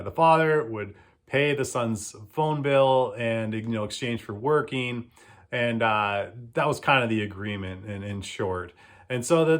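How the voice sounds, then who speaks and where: Chatty man telling business stories. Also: medium pitch. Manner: animated storytelling, acts out quoted exchanges. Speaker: lawn care business owner. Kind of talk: casual advice talk.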